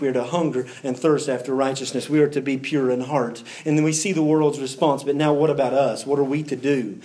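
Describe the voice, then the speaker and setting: An earnest male preacher with a voice pitched a little above the usual for a man. He delivers a verse-by-verse sermon, stressing key words and doubling back on phrases as he works out his thought. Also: a little mellow. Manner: earnest, repeats words while searching, emphatic on key phrases. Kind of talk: expository sermon.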